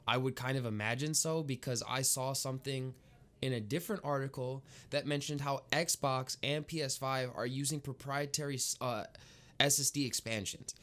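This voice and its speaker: A young man co-hosting a gaming podcast in casual chat, animated and emphatic, laughing often. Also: mid-range voice, normal speed. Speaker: podcast co-host.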